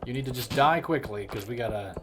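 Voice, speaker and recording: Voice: medium pitch, expressive, fast talker, noisy background. A game streamer giving playful, chatty let's-play commentary with wry asides. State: tired legs after a run. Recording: clear game music behind the voice. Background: game music.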